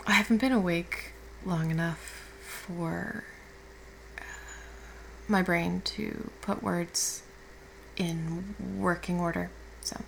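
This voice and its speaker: A woman playing a caring girlfriend who has just woken up, speaking softly and reassuringly with casual swearing in an audio role-play. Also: fairly low pitch, steady tone, takes it slowly, gravelly, pauses often, slight background noise, exaggerated voice, low-quality recording. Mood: tender. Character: affectionate young woman, the listener's caring girlfriend.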